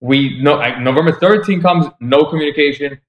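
A man's voice: a little high, a little fast, muffled recording. A man with a New York accent telling a frustrated story in a casual vlog, acting out the other people in it. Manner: animated, exasperated retelling with quoted dialogue. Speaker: vlogger. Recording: echoey room.

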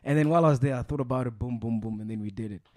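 A man hosting a podcast, telling stories in a loose, swearing, animated way. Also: medium pitch, very fast, no room sound, clean studio sound. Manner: animated, swears freely, acts out voices. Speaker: podcast host. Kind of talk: casual storytelling chat.

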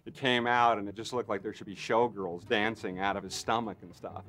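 A man, a makeup effects artist, telling a lively behind-the-scenes story in an interview and acting out what other people said. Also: on the low side, brisk, a little hiss or hum. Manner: animated storyteller, acts out others' lines. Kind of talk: interview anecdote.

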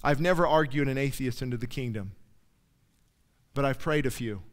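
A male pastor preaching a sermon with passion, building to shouts at the high points and then settling back down. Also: moderate pace. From California. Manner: impassioned preaching, rising to shouts at the peaks.

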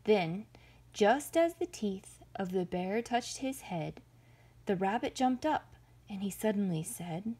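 A woman storyteller reading a rhyming children's picture book aloud, in a gentle, rhythmic way. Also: medium pitch, lively intonation, unhurried.

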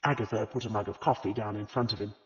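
A man narrating an audiobook in an expressive storytelling manner. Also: fairly low pitch, fast talker. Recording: reverberant, slightly dull audiobook recording.

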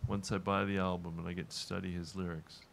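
A man's voice: deep voice, level tone, quick pace, gravelly, fairly bright tone. An older man hosting a show in casual chat, joking and laughing often as he talks. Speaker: show host. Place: showroom.

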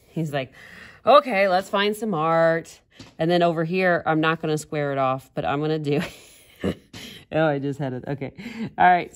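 A woman art teacher giving a casual drawing demonstration, chatty and giggling at her own jokes. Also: sits low.

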